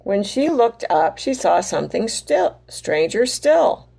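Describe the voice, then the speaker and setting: A woman reading a picture book aloud to children as their teacher, animated and pointing out the pictures as she goes. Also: mid-range voice, slow, gravelly, husky.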